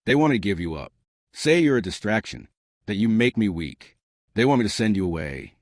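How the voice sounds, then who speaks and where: A man reading as a calm, guarded crime boss. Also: fairly low pitch, moderate pace, no echo, studio quality. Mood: firm. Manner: quiet, steady, restrained.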